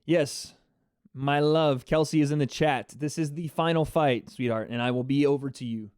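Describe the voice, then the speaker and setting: A man hosting a live fight reaction stream, excitable and chatty, talking to his chat viewers. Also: a little high, moderate pace, clean tone, no room sound, clean studio sound. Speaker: livestream host.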